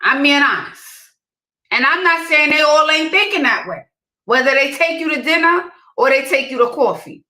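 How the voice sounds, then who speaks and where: A woman's voice: sits high, animated, normal speed, bright, forceful tone. A woman giving casual dating advice to her viewers, emphatic and repeating her key points. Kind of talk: casual direct-to-camera advice. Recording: roomy echo.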